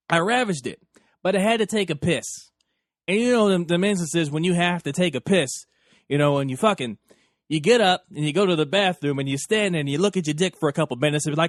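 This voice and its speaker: Profane, animated young male podcast host. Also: on the high side, fairly quick, dry recording, clean studio sound. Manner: animated, profane, acts out quoted lines. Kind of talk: crude storytelling monologue.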